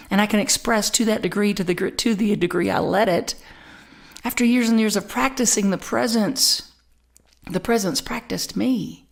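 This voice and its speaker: A middle-aged woman pastor telling a personal story in a conversational sermon, with animated delivery and laughing asides. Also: mid-range voice, vocal fry.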